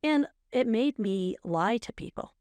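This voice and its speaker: A woman's voice: a little high, animated, measured pace, a little mellow, dry recording. A middle-aged woman co-hosting a podcast, giving earnest, coaching advice in a casual chat and repeating phrases for emphasis. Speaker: podcast co-host, mother.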